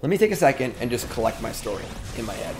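A man's voice: mid-range voice, sing-song, quick pace, background noise. A middle-aged man telling a rambling story while playing a card game on stream, often breaking off to comment on his moves. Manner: chatty, rambling, self-interrupting. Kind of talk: casual storytelling while gaming.

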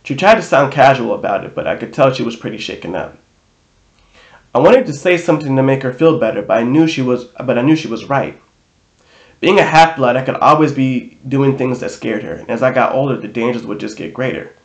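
A man's voice: mid-range voice, fairly quick. Man reading a novel aloud, roomy echo. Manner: casual reading with self-corrections. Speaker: audiobook reader.

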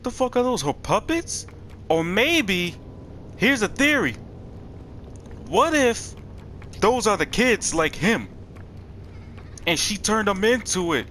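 A young man doing let's play commentary on a horror game, excitable and profane, talking to his viewers and yelping when startled. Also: high-pitched, slow pace, pauses often, slight background noise. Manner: talks to the viewers. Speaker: gaming streamer.

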